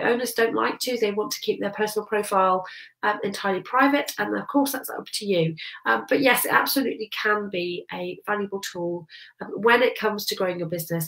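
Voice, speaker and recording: A woman's voice: medium pitch, fairly bright tone. A woman with a head cold and a nasal voice gives a chatty teaching talk on social media for business, full of "um" fillers. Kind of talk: casual teaching talk to camera. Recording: roomy echo.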